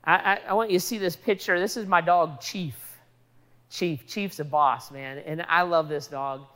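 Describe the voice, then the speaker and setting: A woman preaches a sermon, her voice sitting low for a woman. She talks in a loose, conversational way, leaning on everyday stories to make her point. Her words ring out with a long reverb, as in a big hall. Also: normal speed, fairly bright tone. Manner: conversational, illustrative storytelling.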